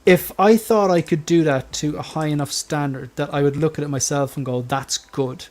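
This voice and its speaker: Fairly high and a little mellow, speaking fairly quickly, a man hosts a collectors' livestream panel. He chats casually with co-hosts, rambling, restarting, trailing off and laughing often.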